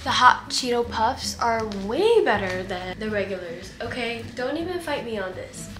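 A young woman chatting casually in a vlog, her voice congested, nasal and raspy after losing it. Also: a little high, big pitch swings, moderate pace. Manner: chatty, candid and playful. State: has lost her voice. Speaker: vlogger. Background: music.

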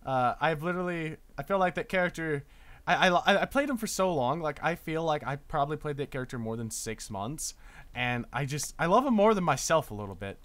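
Animated man streaming a game. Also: a little high, a little fast, dry recording. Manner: animated, stammers and restarts. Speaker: streamer and voice actor. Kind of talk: casual gaming live-stream chat.

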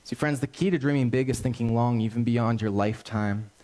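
A man's voice: mid-range voice, fairly quick. Conversational storytelling male pastor. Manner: animated storyteller, conversational and earnest. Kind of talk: sermon.

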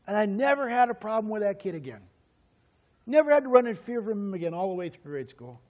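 Speaking briskly with a darkish tone and lively intonation, a male pastor tells a story from when he was a child during his church sermon. He voices the characters with swinging pitch and closes by leading a prayer.

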